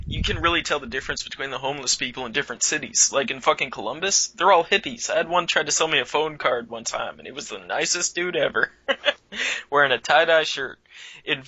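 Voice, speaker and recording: A man's voice: a little high, highs cut off. A man co-hosting a comedy talk show, telling stories casually and acting out the people in them. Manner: animated storyteller who acts out the people in his stories.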